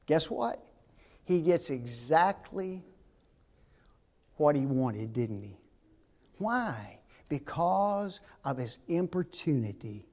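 Slow, high-voiced man preaching. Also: expressive. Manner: emphatic, rhetorical questions, big swings in loudness. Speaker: pastor. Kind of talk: sermon. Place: church.

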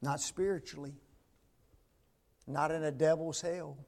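A male preacher delivering a sermon in a fairly high voice, taking his time over each phrase. He climbs to loud, emphatic peaks, then drops to a hushed near-whisper. He keeps asking the congregation rhetorical tag questions. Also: steady tone, a little slow, vocal fry.

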